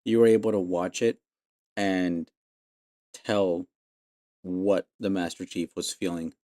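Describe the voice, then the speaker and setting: A man's voice: low voice, steady tone, takes it slowly, warm tone, no room sound, clean studio sound. A man hosting a podcast, ranting casually with lots of swearing and exasperated laughs. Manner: profane, exasperated, laughs mid-sentence. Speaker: podcast host.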